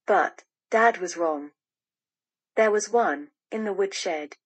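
A woman narrates a children's audiobook in a slow, careful reading. Her voice is husky and unhurried. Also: medium pitch.

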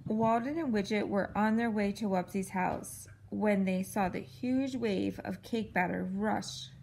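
A woman's voice: mid-range voice, a little slow, darkish tone, a little hiss or hum, rough recording. Woman reading a picture book aloud. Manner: clear, patient storytelling delivery. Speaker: parent reading to a child. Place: at home.

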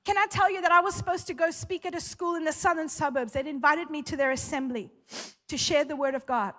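A woman's voice: high-pitched, quick pace, a bit bright. A woman preaching a sermon, fervent and emphatic, telling personal stories. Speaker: pastor. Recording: long hall reverb.

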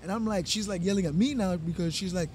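A man's voice: high-pitched, fast talker, slight background noise. Profane New man telling a story. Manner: rambling, profane, animated storytelling with many restarts. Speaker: podcast co-host. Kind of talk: casual storytelling chat.

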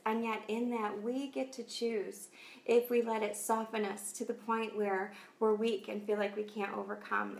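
A woman hosts a devotional talk, speaking in an earnest, encouraging way as she tells a simple parable and prays. Her voice sits a little high and carries a gravelly fry. The recording is echoey, as if made in a bare room. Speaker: host of faith talk show.

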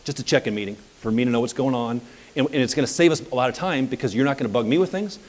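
A man coaching at a live seminar, telling anecdotes in an energetic, conversational way. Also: medium pitch, very fast, long reverb tail. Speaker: property management business coach. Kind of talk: live seminar talk with audience questions.

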